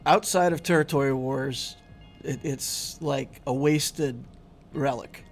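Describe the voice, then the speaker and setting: A man's voice: mid-range voice, slow pace, vocal fry, soft background music. A middle-aged man hosting a gaming channel, chatting casually and easily with his viewers while he streams. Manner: chatty and easygoing, talking to viewers. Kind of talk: casual live-stream commentary.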